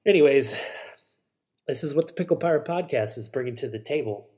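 A man's voice: medium pitch, animated, a little fast, darkish tone. A man hosting a solo podcast, rambling casually about shows and movies, swearing and correcting himself as he goes. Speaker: podcast host.

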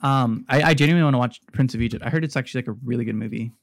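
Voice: mid-range voice, very fast, creaky, no room sound, studio quality. A young adult co-hosting a podcast in casual chat, giggly and a little scattered. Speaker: podcast co-host.

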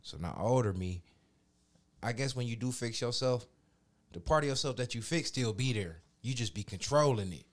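A man telling a story in casual podcast chat, profane and animated, acting out the people he quotes. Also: mid-range voice, moderate pace.

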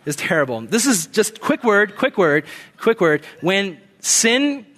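High-voiced animated young preacher man. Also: unhurried. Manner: animated storyteller, shouting bursts. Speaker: pastor. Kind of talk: sermon.

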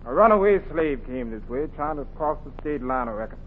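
A man's voice: fairly high pitch, animated, brisk, slight background noise, natural voice. A man plays a slave patrol leader, outwardly polite but pushy and officious. He speaks with a folksy drawl, and his voice is thin and tinny like an old radio broadcast. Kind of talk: 1950s radio drama acting.

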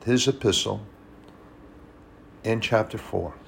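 A man preaching a sermon, telling personal stories, swinging between hushed and loud, emphatic passages. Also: lowish voice, slow pace, creaky, slight background noise. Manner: storytelling, personal anecdotes.

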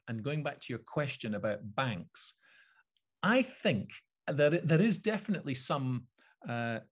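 A Scottish man co-hosting a podcast, explaining things in an animated, opinionated way with frequent chuckles. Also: mid-range voice, husky. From Scotland. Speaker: podcast co-host. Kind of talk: casual chat.

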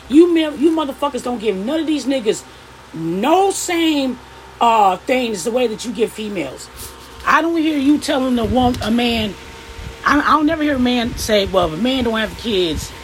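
A woman's voice: high-pitched, a little hiss or hum, rough recording. A young adult woman delivering a heated, profane opinion rant to camera, blunt and confrontational and plainly upset. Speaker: vlogger.

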